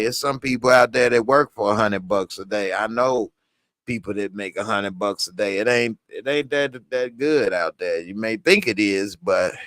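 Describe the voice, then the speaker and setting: A man giving casual, slangy reaction commentary on a TV episode, animated and laughing often. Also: mid-range voice, dry recording. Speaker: TV show reviewer.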